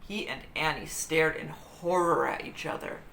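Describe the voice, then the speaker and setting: A woman reading a children's book aloud in an expressive, dramatic storytelling manner. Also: sits low, normal speed, vocal fry. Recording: roomy echo with faint hiss.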